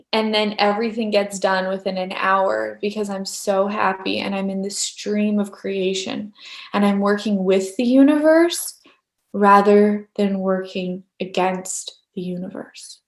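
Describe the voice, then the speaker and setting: Animated storytelling woman in an echoey room. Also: mid-range voice, unhurried. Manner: animated storytelling, acting out her own inner voice. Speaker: personal growth speaker. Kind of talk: casual talk to camera.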